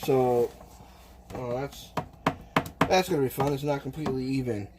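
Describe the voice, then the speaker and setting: A man with a Boston accent hosts a cooking livestream, chatting casually and rambling while he works the dough. His voice is medium in pitch, steady in tone, and at normal speed, with heavy background noise.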